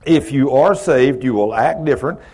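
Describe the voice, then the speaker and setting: A man's voice: medium pitch, moderate pace, mellow. A man teaching a Bible study in a folksy, conversational way, asking the group questions and acting out little exchanges. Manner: folksy, asks the group questions, acts out dialogue.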